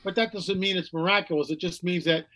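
A man with a notably high-pitched voice speaks as an interview guest. He talks emphatically, hammering home repeated phrases and slipping into mocking voices when he quotes others. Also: fairly even intonation, quick pace, sharp tone. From United States. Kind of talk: animated interview talk.

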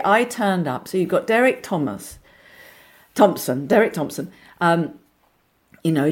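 An actress telling lively anecdotes in a casual interview, with frequent restarts and asides. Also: female voice, fairly low pitch. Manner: animated storyteller, many restarts, acts out voices. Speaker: actress guest.

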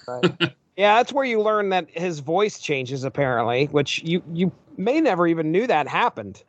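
A man in a casual podcast chat, animated and fond of doing comic voices for characters. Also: on the high side, moderate pace. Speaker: podcast panelist. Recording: dry, dull lo-fi mic.

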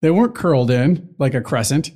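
In casual podcast chat, this young American co-host rambles, loses track of what he's saying and swears from time to time. His medium-pitched voice is dark in tone, sing-song, and moves a little fast.

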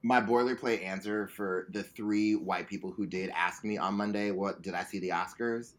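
A man's voice: lowish voice, fairly even intonation, normal speed. A man co-hosting a podcast, chatting casually with a profane, emphatic delivery. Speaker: podcast co-host. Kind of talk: casual chat.

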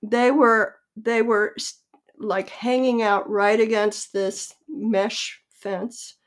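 A woman with a voice of medium pitch hosts a relaxed conversation. She speaks earnestly and personally, recalling her own experiences. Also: slow pace. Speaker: host, veterinarian. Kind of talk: casual conversation.

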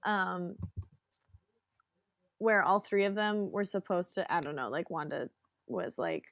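A woman's voice: fairly low pitch, moderate pace, no room sound. A woman co-hosting a casual chat, retelling jokes with lots of fillers. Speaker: podcast co-host.

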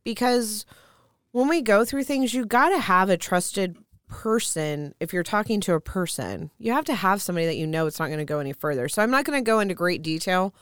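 Frank, clear-voiced woman telling stories. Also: medium pitch, expressive, a little fast, fairly bright tone, dry recording, clean studio sound. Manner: candid storytelling with frequent swearing. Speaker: spiritual reader, podcast guest. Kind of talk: casual chat.

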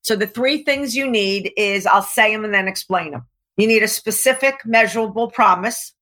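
A woman coach talking in an emphatic, animated way, acting out quotes as she tells stories and slowing down to stress her key points. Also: mid-range voice. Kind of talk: coaching talk to an interviewer.

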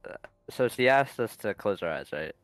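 A man's voice: on the low side, animated, normal speed, fairly bright tone, no echo, soft background music, low-quality recording. A man playing in a tabletop game, eager and joking, with casual cussing. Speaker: player.

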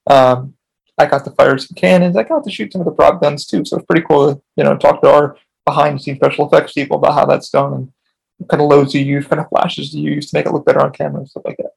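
A man's voice: on the high side, little pitch movement, quick pace, gravelly, slightly rough. A man hosting his own podcast, telling a long story in a casual, rambling way with lots of swearing. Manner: profane, rambling, frequent restarts. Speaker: podcast host.

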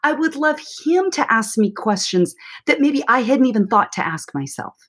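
Brief: woman therapist, husky voice, lively coaching chat on a podcast. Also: on the high side, normal speed. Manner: chatty, animated, coaching tone. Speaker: therapist and author, guest. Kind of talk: advice-giving podcast interview. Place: Portland, Oregon.

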